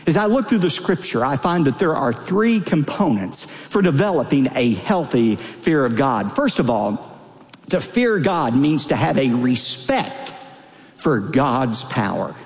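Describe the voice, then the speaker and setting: A man's voice: mid-range voice, sing-song, a little slow, in a large hall. A man preaching a sermon, delivered with emphatic, rising emphasis. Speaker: pastor.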